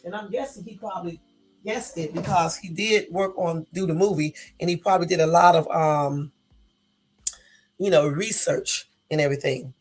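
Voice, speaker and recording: A woman with a gravelly morning voice, casually reading news aloud and commenting, correcting herself as she goes. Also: on the low side, moderate pace, faint music behind. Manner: reads aloud with self-corrections and asides.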